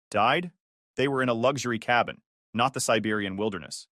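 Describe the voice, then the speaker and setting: A man's voice: mid-range voice, a little fast, fairly bright tone, no room sound. A man narrating a first-person family story with sarcastic, dry humor.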